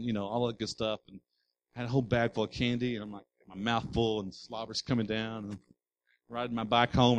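A man's voice: mid-range voice, rough recording. A male pastor preaching a sermon. He speaks in an emphatic, repetitive preaching cadence with folksy asides to the congregation. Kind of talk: sermon with personal storytelling.

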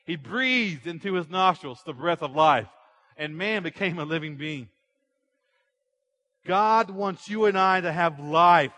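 A pastor with a medium-pitched, bright, pushed voice preaches a sermon to his congregation in a church sanctuary. He builds energy by firing off rhetorical questions.

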